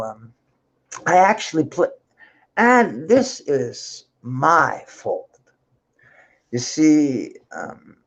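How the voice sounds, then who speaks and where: Danish guy w/ accent, gravelly voice, rambly swearing livestream chat, kinda muffled lo-fi sound. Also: medium pitch. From Denmark. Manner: rambling, swears freely, laughs often, many restarts. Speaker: musician livestreaming. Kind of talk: unscheduled casual livestream chat.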